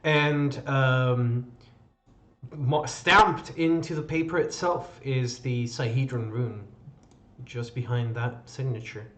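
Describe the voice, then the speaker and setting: A man narrating as game master of an online tabletop game, pausing often with fillers. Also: medium pitch, fairly even intonation, a bit bright. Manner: halting, many fillers. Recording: slightly dull audio with faint music.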